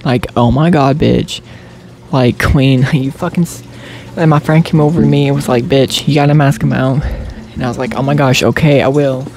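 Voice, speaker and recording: A man talking straight to the camera in a deliberately exaggerated, affected voice for a comedic parody. His tone is mellow and soft-edged, at a middling pitch for a man, and the profanity never lets up. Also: fairly even intonation. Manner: swears constantly.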